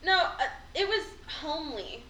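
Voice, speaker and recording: A woman with a high, bright, sharp-edged voice, animated and giggly. She is recorded in an echoey room with a faint hiss. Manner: animated, giggly, quick to protest. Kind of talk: casual chat and poem reading.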